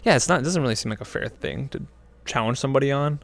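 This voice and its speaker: A man's voice: mid-range voice, animated, fast talker, a little hiss or hum. A young man co-hosting a podcast, chatting casually with crude jokes and lots of "like" fillers. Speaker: podcast co-host. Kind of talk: casual chat.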